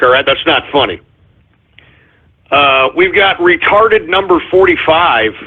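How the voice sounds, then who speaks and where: Husky-voiced angry radio host, tinny sound. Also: male voice, on the high side. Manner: mock-angry ranting, swearing, exasperated outbursts. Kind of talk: live internet talk radio, reading listener shout-outs. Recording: tinny, phone-like lo-fi audio.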